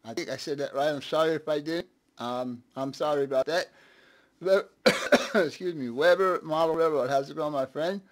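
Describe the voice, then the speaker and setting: A man hosting a relaxed live stream, with a voice that sits somewhat high for a man. He chats loosely, laughs often and greets viewers by name one after another. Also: moderate pace. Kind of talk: casual live stream chat.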